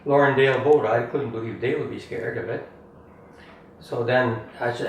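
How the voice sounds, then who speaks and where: A man's voice: medium pitch, normal speed. Older man, chuckling storyteller, roomy sound. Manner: rambling, chuckling, ends phrases with "eh?". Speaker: family storyteller. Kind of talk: casual reminiscing. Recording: roomy, distant mic, faint room noise.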